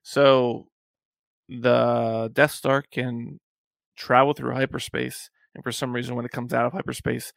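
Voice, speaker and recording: A man with a gravelly voice guest-hosts a casual movie review podcast over an online call. He talks in a laid-back way, full of filler words. His computer mic sounds close and dry. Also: medium pitch, little pitch movement, measured pace, dry recording. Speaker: guest host.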